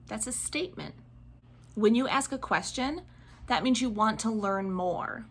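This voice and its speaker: A woman teaching kindergartners in a video lesson, speaking slowly and clearly in an encouraging way. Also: on the high side, very animated, pushed and bright. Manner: slow, clear and encouraging, acting out children's voices. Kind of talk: video lesson for young children.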